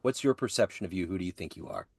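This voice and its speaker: A man hosting an interview podcast, asking relaxed, soft-spoken questions and reading his own promo. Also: sits low, rapid-fire, vocal fry, breathy edge, dry recording. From Kansas City area. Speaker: podcast host.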